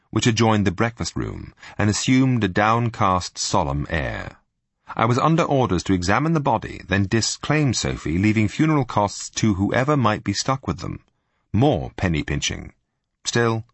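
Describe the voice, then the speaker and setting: A man narrating a first-person audiobook in a wry, lively storytelling manner. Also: lowish voice, husky, no room sound. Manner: wry, lively storytelling that slips into character voices.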